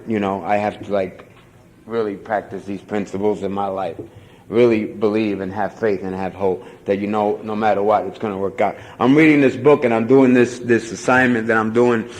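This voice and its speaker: At a convention, a man shares his recovery story in a rambling, self-mocking testimony peppered with "you know." His voice is medium in pitch, and the audio quality is poor.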